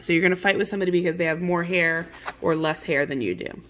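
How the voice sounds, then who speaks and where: A woman's voice: on the low side, steady tone, quick pace. A woman teacher reading a play aloud to a class and explaining the lines in plain modern words, chatty and full of okays. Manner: chatty, many fillers and okays. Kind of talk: casual read-along lesson.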